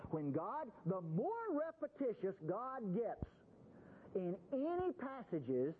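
A man's voice: high voice, sing-song, a little slow. A man preaching a Bible-teaching sermon in a folksy, conversational way. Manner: folksy, conversational, acts out quotes in voices. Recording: tinny phone-like radio broadcast with faint hiss.

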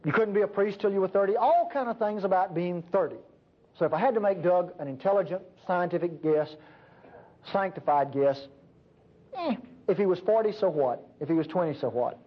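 A man preaching a sermon fervently, swinging between loud emphasis and hushed low passages. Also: brisk, slightly rough. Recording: dull lo-fi recording.

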